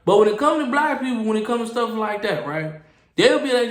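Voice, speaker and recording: A man who hosts a podcast and works security, telling animated stories and acting out the people he deals with. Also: very high voice, fairly quick, echoey room. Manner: animated storytelling, mimicking people. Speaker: podcast host, security guard. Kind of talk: casual podcast monologue.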